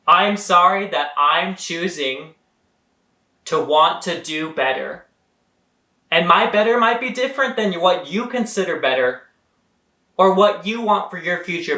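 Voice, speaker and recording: A man's voice: on the high side, pushed and bright, roomy sound. A young man giving an earnest, motivational vlog monologue, talking straight to his viewers and calling them guys. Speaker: vlogger.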